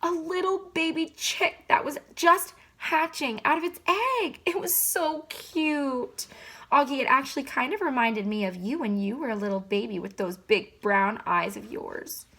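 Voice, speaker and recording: A woman reading a storybook aloud, voicing a gentle mother who softly coaxes her son. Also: high voice, measured pace, pitched above the performer's own voice, exaggerated voice. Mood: coaxing.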